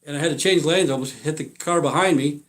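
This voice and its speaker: A man in his sixties telling a long personal story on a live stream, rambling and blunt, full of fillers, often trailing off quietly at the ends of phrases. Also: fairly high pitch, quick pace. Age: 60s. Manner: blunt and profane.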